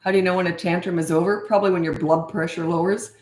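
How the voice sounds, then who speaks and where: A middle-aged woman who coaches parents, answering viewer questions in a breezy, matter-of-fact way and acting out parent lines in a bright sing-song. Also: on the low side, steady tone, racing. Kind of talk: casual Q&A livestream. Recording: echoey room.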